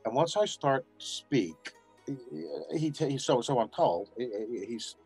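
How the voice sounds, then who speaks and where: A voice actor appears as a guest on an interview, telling stories casually and acting out what people said in an animated way. His medium-pitched voice is unhurried with a breathy edge, and faint music plays behind him.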